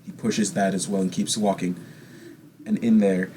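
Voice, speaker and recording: A man narrating a tabletop game as game master, describing scenes at an unhurried pace with frequent fillers. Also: low-pitched, level tone, warm tone, slight background noise.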